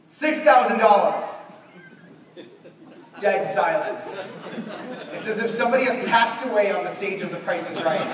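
A young man giving a keynote talk, telling a story and acting out the quotes with lots of energy. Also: sits high. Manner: animated, acts out quotes. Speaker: keynote speaker. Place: large conference hall. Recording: echoey hall from far off, faint noise.

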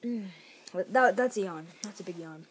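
A woman's voice: on the low side, fairly quick, husky. Rambling teen girl vlogging at home. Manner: rambling, chatty, lots of fillers and restarts. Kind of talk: casual vlog chat. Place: bedroom at home.

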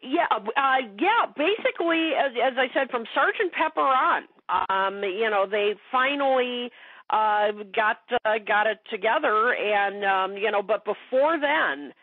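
A woman's voice: fairly high pitch, animated, a little slow, dry recording. A woman speaking as a guest expert in a casual interview chat, talking with many fillers and restarts. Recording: dry phone-like call audio.

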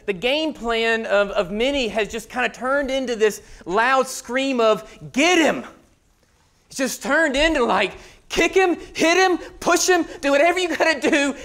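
A man, preaching a sermon as pastor and telling a story, acting out shouts and hushed asides. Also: sits high.

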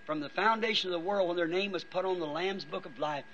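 A weary middle-aged man leading an earnest, pleading prayer and altar call from a church pulpit, with halting restarts. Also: sits high, fairly bright tone. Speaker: preacher. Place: church before a congregation. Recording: dull old sermon tape with faint hiss.

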